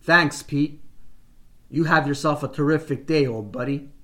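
A man's voice: fairly high pitch, a little slow, fairly bright tone. A man doing a cheery coffee-cart vendor. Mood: cheerful. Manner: friendly, hearty, encouraging.

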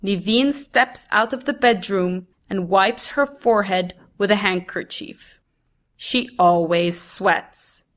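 Woman reading a personal story out loud, really slow and steady. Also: medium pitch. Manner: slow, measured, deliberate reading.

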